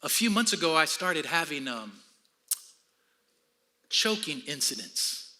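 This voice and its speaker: A man's voice: a little high, sing-song, takes it slowly, sharp tone. A man in his fifties preaching a sermon, telling a personal story with humor to his congregation. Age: 50s. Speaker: pastor.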